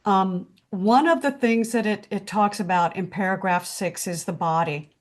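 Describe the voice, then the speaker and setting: A woman leading a spiritual study group, calmly explaining the ideas and reading passages aloud. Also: mid-range voice, normal speed. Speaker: group leader.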